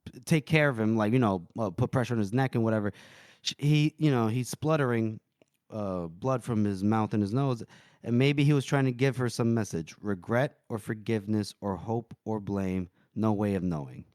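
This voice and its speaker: A man's voice: lowish voice, normal speed, darkish tone, dry recording, clean studio sound. A man co-hosting a book podcast, retelling scenes casually and acting out characters' lines. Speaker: podcast co-host.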